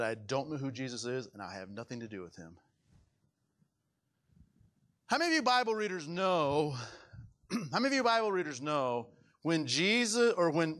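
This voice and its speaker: A man preaching a sermon as pastor, swinging dramatically between loud high outbursts and hushed low passages, acting out quoted voices.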